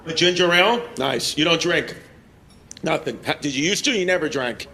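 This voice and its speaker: A man's voice: a little high, expressive, normal speed. A man doing stand-up, teasing audience members with profane, brash crowd work at a live show. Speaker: stand-up comedian. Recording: live room mic with loud crowd. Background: audience laughter and crowd noise.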